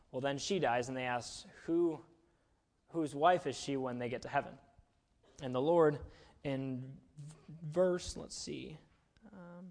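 A man's voice: medium pitch, a little mellow. A young man giving a casual, chatty sermon, self-deprecating and full of fillers. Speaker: preacher.

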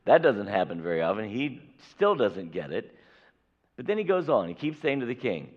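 A man's voice: fairly low pitch, big pitch swings, normal speed. A man preaching a sermon from a church pulpit, talking emphatically and acting out the people in a Bible story. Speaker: pastor. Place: church sanctuary. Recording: echoey hall, dull lo-fi audio.

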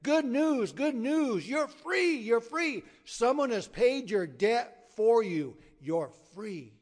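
Thrilled bailiff yelling good news, way up high and excited, preacher putting him on. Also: male voice, takes it slowly, heavily acted. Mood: jubilant. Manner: exuberant, jubilant. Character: joyful male bailiff announcing freedom.

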